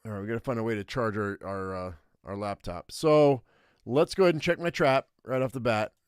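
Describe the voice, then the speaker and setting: Male streamer, mid pitch, smooth clear voice, dry close sound, reads a game aloud hesitantly. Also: a little fast, no room sound. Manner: thinking aloud, hesitant, with frequent fillers. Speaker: streamer playing an interactive fiction game. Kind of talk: live gameplay commentary and reading aloud.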